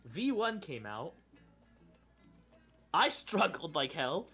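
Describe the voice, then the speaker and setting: A man's voice: on the high side, sing-song, slow, sharp tone, soft background music. A man chatting casually as a streamer, rambling and correcting himself, with frequent laughs. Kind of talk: casual chat.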